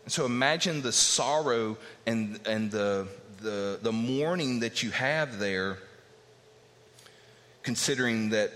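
A man's voice: on the low side, takes it slowly, pushed and bright. A man preaching a sermon earnestly, teaching verse by verse and acting out the voices he quotes. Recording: long hall reverb.

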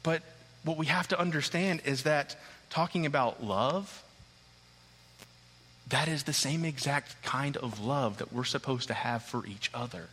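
A man in his thirties preaching a sermon, an animated storyteller who acts out the scenes as he tells them. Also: medium pitch, unhurried, breathy edge. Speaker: pastor. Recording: long hall reverb.

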